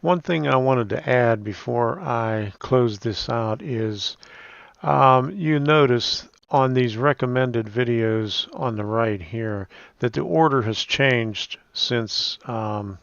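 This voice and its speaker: A man with a Pittsburgh accent talks through a screen recording in a casual, halting way with "um" fillers. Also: medium pitch, vocal fry, fairly bright tone, no echo, muffled recording. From Pittsburgh, USA. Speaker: YouTuber giving channel tips.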